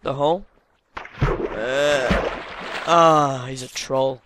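A man's voice: medium pitch, steady tone, very slow, background noise. Teasing English man playing a game. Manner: joking, teasing banter. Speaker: let's play host. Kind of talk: casual gameplay chat.

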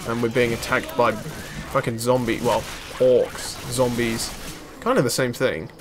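A man giving relaxed gameplay commentary in an even, mid-range voice, taking his time between remarks. He is chatty and excitable and often breaks into laughter. A faint hiss of background noise sits under the recording. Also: medium pitch, a little slow. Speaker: gaming YouTuber. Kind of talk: casual let's play commentary.

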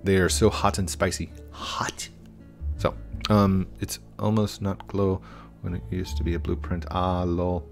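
A man's voice: low voice, level tone, a little slow, creaky, faint music behind. A man chatting casually and rambling while he plays a game, easily distracted. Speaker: gaming YouTuber. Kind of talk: casual gameplay commentary.

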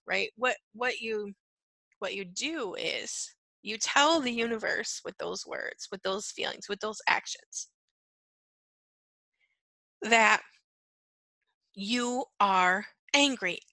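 A woman with a bright, gravelly voice talks her listeners through a lesson on empathy. She is earnest and repeats her key phrases, checking in with "right?" and "okay". The sound is dry and close. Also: mid-range voice, takes it slowly, long pauses, no room sound, rough recording. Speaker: empath coach. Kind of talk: teaching monologue.

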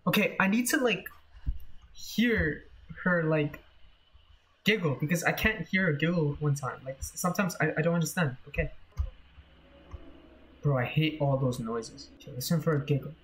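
A young man reacts to a horror game with jumpy, profane commentary. His voice sits on the high side and leaps into frightened yells. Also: normal speed, pauses often. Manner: jumpy, swearing, yelling in fright. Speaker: gaming video creator.

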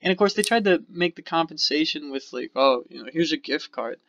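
On a casual podcast, an animated co-host with a slightly high, somewhat bright voice talks a little fast, spinning a rambling, foul-mouthed story and acting out what people said. The audio is dull, lo-fi podcast quality.

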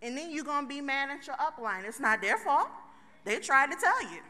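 Bright, high-voiced woman speaking in a hall. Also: lively intonation, fairly quick. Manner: chatty, joking, addresses the crowd directly. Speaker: conference speaker. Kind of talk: motivational talk to a live audience. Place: large conference hall. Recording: long reverb of a large hall.

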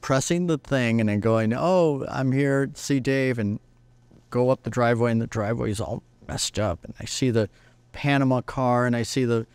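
A male guest guitarist telling anecdotes in a lively way, briefly acting out what other people said. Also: mid-range voice, moderate pace, smooth, no echo. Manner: acts out other people's lines while telling stories. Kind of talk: animated anecdotal storytelling.

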